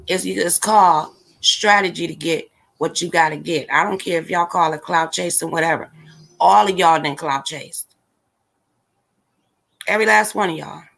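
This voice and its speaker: A woman's voice: on the low side, moderate pace, vocal fry, fairly bright tone. A woman hosting a casual livestream, ranting bluntly and with exasperation straight to her viewers. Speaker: livestream commentator.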